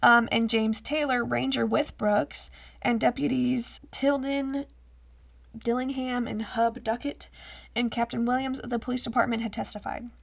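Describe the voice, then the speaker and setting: A woman's voice: on the high side, fairly even intonation, moderate pace, creaky. A woman co-hosting a podcast, reading old news reports aloud in a chatty way and joking between passages. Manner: chatty, laughs and jokes while reading. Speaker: podcast co-host.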